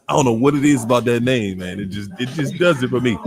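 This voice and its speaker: A man hosts a laid-back livestream, calling out viewers one by one. His voice swings widely in pitch, and he stretches words out slowly with frequent laughter. Soft music plays faintly behind him. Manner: animated, drawls names, laughs often. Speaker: livestream host. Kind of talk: casual livestream chat greeting viewers.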